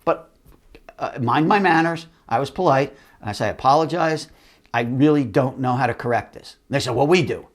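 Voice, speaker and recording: Casting: middle-aged man, host, casual anecdotal delivery, mid-range voice, lively impressions. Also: medium pitch, fairly quick. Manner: animated, acts out other people's voices. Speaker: host, company CEO. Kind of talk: casual storytelling monologue.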